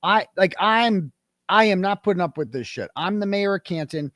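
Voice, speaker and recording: Blunt, animated man. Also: sits high, normal speed, no echo, studio quality. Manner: animated, blunt storytelling with profanity. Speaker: guest, independent journalist. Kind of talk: conversational interview.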